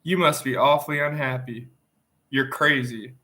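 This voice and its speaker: A man's voice: mid-range voice, steady tone, normal speed, bright, forceful tone, lightly acted. A man reading out the lines of a proud, weary young Mexican waitress, answering bluntly and indignantly, with a sniffly nose from allergies. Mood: scornful.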